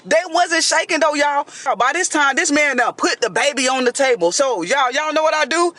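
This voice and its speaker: A woman telling a dramatic story in a casual storytime monologue, animated and keeps addressing her listeners directly. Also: high-pitched, moderate pace, few pauses, no room sound.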